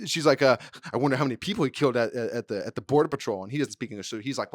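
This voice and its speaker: A man's voice: medium pitch, fast talker, dry recording. A man co-hosting a podcast in casual chat, rambling and swearing as he acts out quotes. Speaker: podcast co-host.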